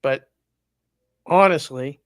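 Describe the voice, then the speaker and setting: A man's voice: a little high, takes it slowly, clear, resonant tone, dry recording, clean studio sound. A man co-hosting a sports betting talk show, mostly giving short, direct agreeing replies in casual chat.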